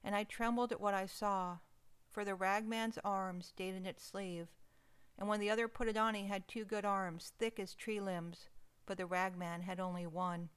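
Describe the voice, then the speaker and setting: A woman narrating a first-person story in an expressive, emotional reading. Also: mid-range voice, moderate pace, clear, resonant tone.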